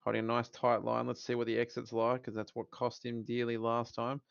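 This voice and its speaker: A man giving chatty, measured live commentary on a sim race, with many fillers. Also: medium pitch, monotone, gravelly, clean tone, muffled recording. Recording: loud noise behind.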